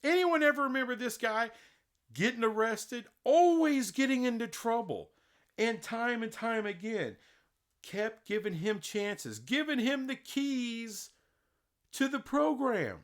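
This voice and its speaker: A man's voice: very high voice, animated, measured pace. A man giving opinionated solo commentary on college sports, emphatic and indignant, full of rhetorical questions. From Texas.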